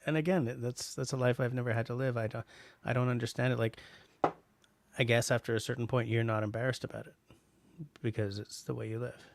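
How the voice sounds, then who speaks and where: A middle-aged Canadian man hosts a casual livestream, reading out chat messages and rambling with lots of restarts and fillers. His mid-range voice is steady, fast, and creaky, with a little hiss or hum in the recording.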